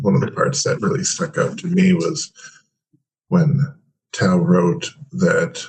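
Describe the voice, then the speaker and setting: Gravelly deep man thinking aloud. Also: rough recording. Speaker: study group member. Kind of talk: reflective group discussion.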